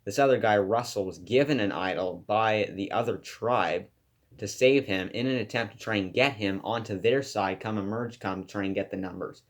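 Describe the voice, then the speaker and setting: Rambling low-voiced young man presenting. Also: normal speed. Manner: enthusiastic, rambling with fillers and restarts. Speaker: student presenter. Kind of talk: casual class presentation.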